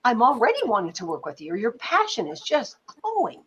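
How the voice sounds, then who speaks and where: A middle-aged woman, a film producer and pitching teacher, telling anecdotes in an interview in an animated, chatty way with many fillers. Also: a little fast, highs cut off, a little hiss or hum. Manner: animated storyteller, many fillers like "you know", occasional swearing.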